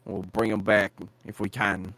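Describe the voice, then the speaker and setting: A man's voice: fairly low pitch, level tone, moderate pace, bright, forceful tone, dry recording. A man playing a tabletop game, speaking in character in a bold, casual way. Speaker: player.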